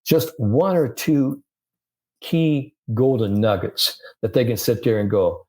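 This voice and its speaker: Speaking slowly at a medium pitch, an older sports psychologist recounts a story in an interview. He brings it to life by performing the voices of the people involved.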